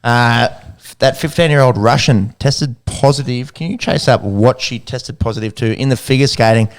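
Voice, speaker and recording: An Australian man co-hosting a sports podcast, talking loosely and swearing as he jokes with his mates. His voice sits at an ordinary middle pitch. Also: normal speed. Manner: banter, swearing, laughing. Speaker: podcast co-host. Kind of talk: casual chat.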